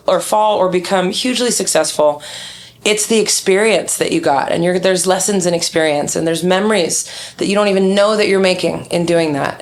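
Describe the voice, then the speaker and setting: Candid woman guest with a lowish voice. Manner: candid, animated storyteller who acts out quotes. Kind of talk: casual interview chat.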